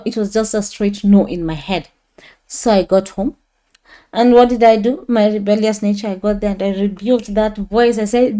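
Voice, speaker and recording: A woman's voice: medium pitch, moderate pace, dark tone. A woman in her thirties telling a personal faith testimony in a rambling, casual way with many fillers and restarts. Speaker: testimony speaker.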